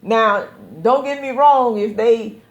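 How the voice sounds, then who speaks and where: A woman's voice: on the high side, slow, muffled recording. A woman pastor hosting a call-in show, talking to listeners in an earnest, exhorting preaching style and often repeating words as she builds a point. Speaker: pastor and radio show host.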